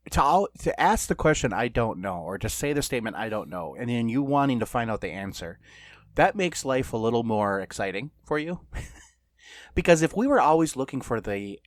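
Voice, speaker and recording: A middle-aged man with a mid-range voice co-hosts a podcast, telling stories in a loose, rambling way with lots of fillers and laughter. The recording has no room sound.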